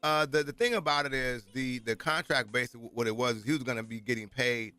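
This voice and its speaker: A man's voice: medium pitch, steady tone, fast talker, pushed and bright, smooth, dry recording, faint music behind. A man co-hosting a sports talk radio show, chatting with enthusiastic, hometown-proud banter. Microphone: studio microphone.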